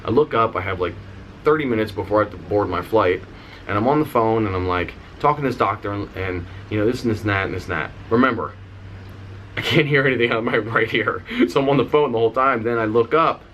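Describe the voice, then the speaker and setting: Lower-voiced man telling a candid story. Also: fast talker, dull audio, a little hiss or hum. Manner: animated, candid, swears, says "y'all". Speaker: vlogger, singer and dancer. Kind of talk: casual storytelling vlog.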